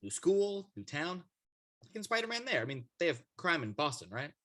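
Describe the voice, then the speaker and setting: A man's voice: on the high side, sing-song, normal speed, bright, forceful tone, no room sound. A man voicing an earnest, hopeful teenage boy hero in a fan table read of a film script. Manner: earnest, pleading.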